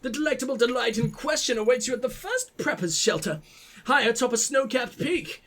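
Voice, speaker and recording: A man voicing a pompous, posh gentleman who reads out a florid, theatrical letter. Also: very high voice, animated, brisk, full character voice. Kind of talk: letter read aloud in a put-on voice.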